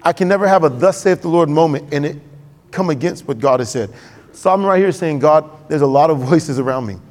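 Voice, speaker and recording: Male pastor, fairly high voice, chatty preaching, slips into the voices he quotes, echoing sanctuary. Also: fairly quick, a little mellow. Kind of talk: sermon.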